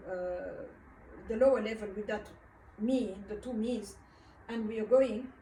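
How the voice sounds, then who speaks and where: A woman from Africa giving a personal testimony about a dream, in an unhurried, hesitant way with frequent pauses and fillers. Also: fairly high pitch, darkish tone, slight background noise. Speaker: speaker recounting a dream. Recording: roomy, distant from the mic.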